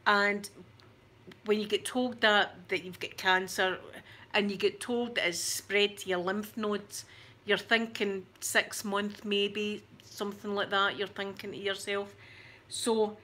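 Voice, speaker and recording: A woman's voice: mid-range voice, level tone, takes it slowly, pushed and bright. A woman in her forties with a thick Scottish accent, chatting to her camera in a rambling, self-mocking way. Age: 40s. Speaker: YouTuber.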